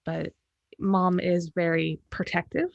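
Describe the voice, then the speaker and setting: A woman's voice: lowish voice, little pitch movement, slow pace, gravelly, no echo. A young woman speaking as a player in a tabletop game, chatty and in character. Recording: dull, dry mic.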